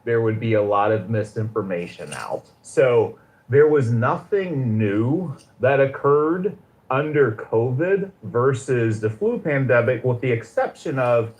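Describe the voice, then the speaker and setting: A man's voice: medium pitch, lively intonation, a little slow, darkish tone. A man in a panel debate laying out his argument step by step and pressing on through interruptions. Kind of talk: heated online panel debate.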